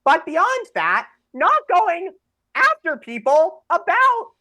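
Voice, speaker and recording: Emphatic, animated male podcast co-host. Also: extremely high pitch. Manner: emphatic, deliberate, mock-solemn. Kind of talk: casual chat.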